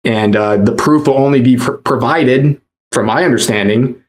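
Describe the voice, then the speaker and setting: Measured male drama commentator. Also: medium pitch. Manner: measured, explanatory, repeats key points. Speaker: commentary narrator.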